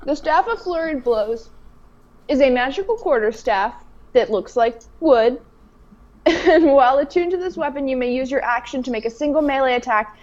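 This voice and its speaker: Woman, high voice, lively, tabletop player, muffled lo-fi line. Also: normal speed. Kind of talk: casual tabletop game chat. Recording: muffled lo-fi voice chat.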